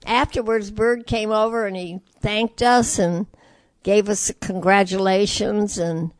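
An older woman from Detroit tells her stories with lively animation, slipping into the voices of the people she quotes. Her voice sits at a middling pitch for a woman. The sound is close and dry, with almost no room around it. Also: a little slow, no room sound. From Detroit, USA. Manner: lively storyteller who acts out quoted voices. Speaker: jazz singer interviewee. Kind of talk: storytelling interview.

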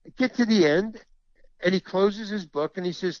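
A man's voice: high-pitched, moderate pace, no echo, highs cut off. A man who is an actor and stand-up comedian, telling an anecdote in an interview and acting out other people's lines.

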